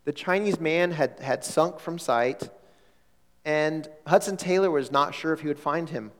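A male pastor telling a story in a sermon, with a conversational delivery that repeats words and asks the congregation questions. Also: on the high side. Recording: long hall reverb.

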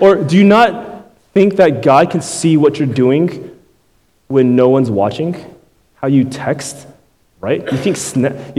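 Young male pastor, laid-back slangy sermon, warm low-bright tone, hall reverb. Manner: casual slangy preaching, many rhetorical "right?" asides.

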